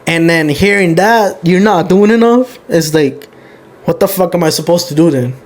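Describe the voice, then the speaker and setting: A man's voice: high voice, moderate pace. A young man hosting a podcast, telling a personal story candidly and with emotion, swearing often. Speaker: podcast host. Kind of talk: casual podcast chat.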